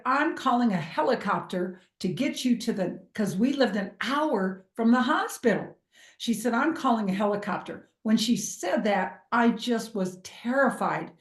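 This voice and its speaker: A middle-aged woman telling a personal story in an expressive way, acting out the voices of the people in it. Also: on the high side, reverberant. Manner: expressive, acts out quoted voices. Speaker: speaker sharing a personal story.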